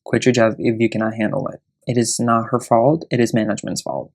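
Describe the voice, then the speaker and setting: A man's voice: medium pitch, little pitch movement, brisk, a little mellow. A man hosting a casual show, reading online stories aloud and giving blunt, profane, indignant verdicts on them.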